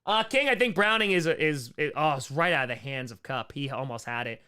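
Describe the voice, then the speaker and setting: A young man calling football play by play on a live stream, excitedly reading viewer messages and hyping up the chat. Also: mid-range voice, clear, resonant tone. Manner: excitable, hypes up viewers, quick shifts between calling plays and reading chat.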